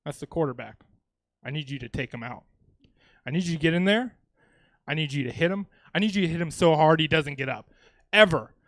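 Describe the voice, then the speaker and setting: A man playing a middle-aged high school football coach who gives low, flat, intense orders. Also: fairly quick, pauses often, no room sound. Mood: menacing.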